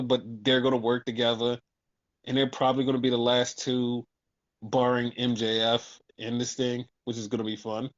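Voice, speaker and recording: A man hosting a casual podcast and recapping wrestling shows, animated and profane, acting out what people said. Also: medium pitch, lo-fi sound. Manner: animated, profane, acts out quotes. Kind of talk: casual chat.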